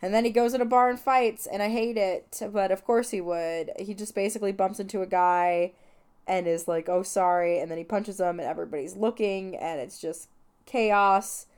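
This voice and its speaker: A woman's voice: medium pitch, normal speed, a little mellow, smooth. A woman hosting a film podcast, retelling a movie scene by scene in an emotional, gushing, chatty way. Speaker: podcast host. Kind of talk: casual film recap.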